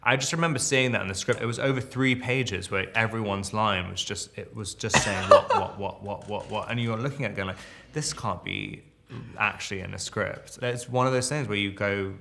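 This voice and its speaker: A man's voice: on the low side, fairly quick, creaky, few pauses, background noise. A man being interviewed about his acting roles, rambling and amused at himself, restarting his sentences often.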